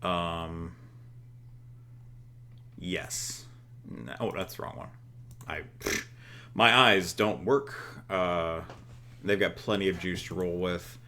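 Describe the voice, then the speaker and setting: A man's voice: low-pitched, takes it slowly, pauses often, bright, forceful tone, a little hiss or hum. A man co-hosting a casual game session, thinking aloud with fillers and jokes. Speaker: co-host. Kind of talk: casual chat while playing a booking game.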